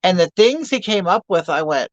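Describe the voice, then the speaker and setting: A man's voice: high voice, animated, moderate pace, no echo. A man in his fifties chats through a livestream in a campy, gossipy manner, full of crude jokes and chatter. The audio is dry and close, with a dull lo-fi livestream sound. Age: 50s. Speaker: livestream host. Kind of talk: casual livestream chat reading viewer comments.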